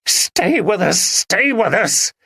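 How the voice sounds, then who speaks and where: A man's voice: high-pitched, big pitch swings, slow, creaky, sharp tone, husky, no echo, studio quality, voice pushed up, exaggerated voice. A man reading an audiobook, voicing a take-charge man giving urgent orders in a crisis. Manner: urgent, commanding.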